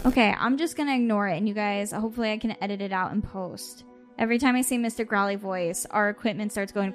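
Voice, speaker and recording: A woman podcast host telling a story casually over a video call, animated, laughing and swearing as she goes. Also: medium pitch, fast, faint music behind.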